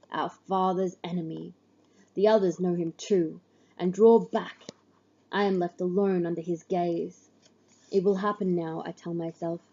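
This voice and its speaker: A woman reading a literary story aloud in the first person, measured and grave, on a dull lo-fi recording. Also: on the low side, mellow. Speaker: audiobook reader.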